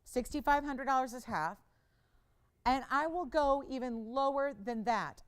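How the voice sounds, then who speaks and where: Chatty woman shopping-channel host, smooth voice. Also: high voice, measured pace. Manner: chatty, bantering with crew, urgent sales patter. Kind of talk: live shopping sales pitch.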